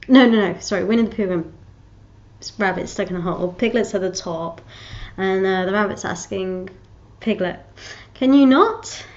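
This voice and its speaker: A woman's voice: mid-range voice, steady tone, moderate pace, darkish tone, dull audio. A woman vlogger chatting casually to her viewers, rambling and restarting her sentences with frequent giggles. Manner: rambling, giggly, self-interrupting. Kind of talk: casual chat to camera.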